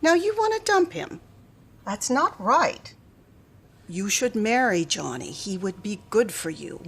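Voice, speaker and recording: A woman's voice: medium pitch, very animated, measured pace, gravelly, husky, exaggerated voice. An actress playing a middle-aged mother who scolds her daughter in a nagging, reproachful way.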